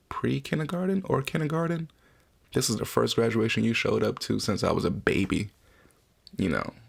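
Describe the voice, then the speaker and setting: A podcast host in his twenties shares a personal story openly and emotionally. He speaks casually in a low, gravelly voice, swearing freely along the way.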